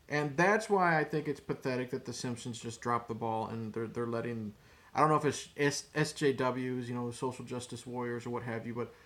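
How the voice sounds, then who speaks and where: A man ranting casually to camera as a vlogger, rambling, cursing and repeating his words. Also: mid-range voice. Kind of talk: casual opinion rant to camera.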